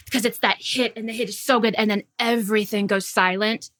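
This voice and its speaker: A woman co-hosting a podcast, recapping scenes with eager energy. Her voice is bright and forward, recorded close and dry. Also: medium pitch, steady tone, a little fast, dry recording. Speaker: podcast co-host. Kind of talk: casual chat.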